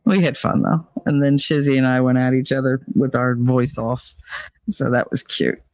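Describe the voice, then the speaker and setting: A livestream host talks in a loose, rambling way, swearing freely and humming little filler tunes between thoughts. The voice has a gravelly fry at mid pitch. It sounds close and dry, with no room around it. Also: steady tone, normal speed, dry recording, rough recording. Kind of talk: casual rambling chat to a live chat.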